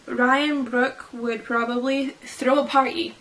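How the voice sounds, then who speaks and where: A woman's voice: on the high side, steady tone, takes it slowly, pushed and bright. A woman chatting casually as a fan vlogger, reading fan fiction quotes aloud and giggling about how people would react. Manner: giggly and playful.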